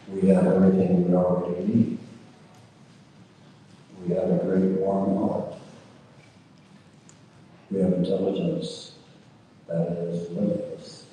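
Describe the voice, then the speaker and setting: Man, very low voice, unhurried and halting storyteller, distant in a long-reverb hall. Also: mellow, slight background noise. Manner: halting, with many "uh" fillers and repetitions. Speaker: storyteller recounting a personal experience. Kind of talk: slow reflective storytelling.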